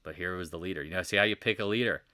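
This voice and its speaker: A market commentator gives a casual, rambling recap over charts, sounding exasperated and preachy as he fires off rhetorical questions. His low voice is rapid-fire and sharp, recorded in studio quality with no echo.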